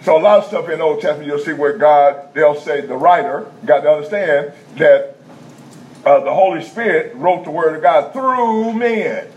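A man preaching a teaching sermon to a congregation in a somewhat high voice. He talks conversationally in vernacular speech, checks in often with his listeners and repeats key points slowly. The recording is dull and lo-fi, with a faint hum of noise behind him.

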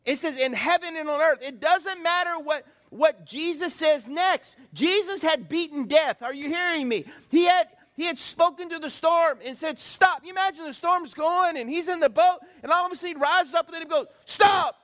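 A man preaching a sermon, animated, acting out voices and calling for responses from the congregation. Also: very high voice, normal speed, hardly any pauses. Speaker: pastor.

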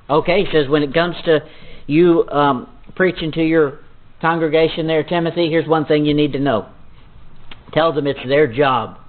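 Preacher on a tinny phone-like line. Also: male voice, on the high side. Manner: reads scripture slowly and dramatically, then explains in folksy asides with chuckles. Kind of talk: Bible teaching sermon.

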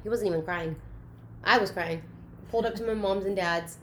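A woman in candid personal chat, talking in an earnest, open way and often softly. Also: mid-range voice, normal speed, a little hiss or hum. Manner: earnest, open, soft-spoken at times.

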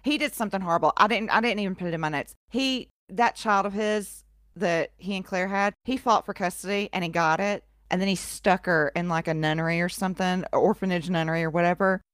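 A woman's voice: on the low side, fairly quick, a bit bright, no echo, clean studio sound. A woman co-hosting a casual podcast who retells history in an irreverent, profane way, full of sarcastic asides. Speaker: podcast co-host.

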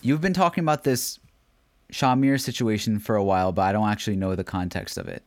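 A man's voice: lowish voice, brisk, a little mellow, dry recording. A young man co-hosting a podcast, joking around and laughing often. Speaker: podcast co-host. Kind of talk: casual podcast chat.

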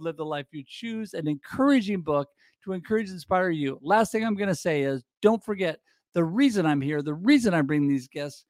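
A man hosts a livestream with motivational enthusiasm. His voice sits high for a man. The sound is dry and close, with no room around it. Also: a little mellow, no echo. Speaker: livestream show host. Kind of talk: upbeat promotional livestream talk.

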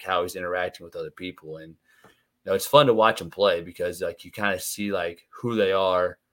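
A man's voice: low-pitched, a bit bright. A man in his thirties, a podcast guest, talking about raising his kids in a reflective, casual way with lots of fillers. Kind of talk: casual conversation.

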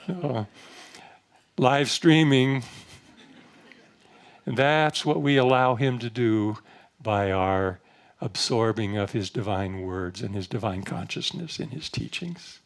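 A man giving an informal spiritual talk to a gathering, telling a story gently with soft laughs, then slowing to guide a meditation. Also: fairly low pitch. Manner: slows to a measured, guiding pace for meditation instructions.

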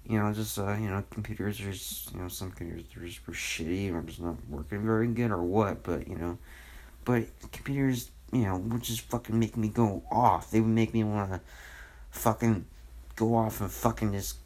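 A young man rambling on his own podcast at home, swearing a lot and filling every pause with "you know" and "like". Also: lowish voice, a little mellow. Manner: rambling, profane, full of fillers. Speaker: podcast host. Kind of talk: casual solo rant.

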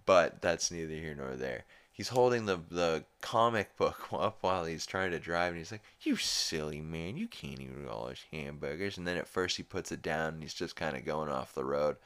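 A man's voice: sits low, normal speed, hardly any pauses, a bit bright, clear, resonant tone. A man hosting a podcast, recapping a cartoon episode in a rambling, profane, laid-back way. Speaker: podcast host.

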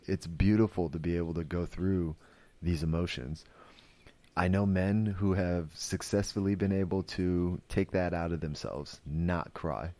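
A man's voice: sits low, darkish tone, no echo. A man hosting a podcast, talking casually and earnestly, rambling with lots of fillers and restarts and getting emotional. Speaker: podcast host. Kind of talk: casual spoken commentary.

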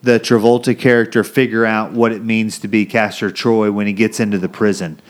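A man's voice: on the low side, little pitch movement, brisk. Chatty man on a movie podcast. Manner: enthusiastic, apologetic laughs, loose and chatty. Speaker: podcast co-host. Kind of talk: casual movie podcast chat.

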